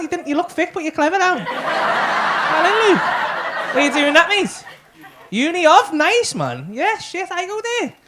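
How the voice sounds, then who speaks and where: Rowdy sweary young Scouse comedian. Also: male voice, very high voice, very noisy. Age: young adult. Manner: rowdy, sweary, chatty with the crowd. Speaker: stand-up comedian. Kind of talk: crowd work and stand-up storytelling. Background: audience laughter.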